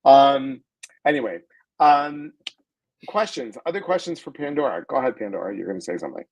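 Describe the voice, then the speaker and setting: A man's voice: mid-range voice, brisk, husky, poor audio. A middle-aged man, a guest on a live stream, chatting casually and playfully, greeting viewers and joking along. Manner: playful, animated, reads viewer comments aloud.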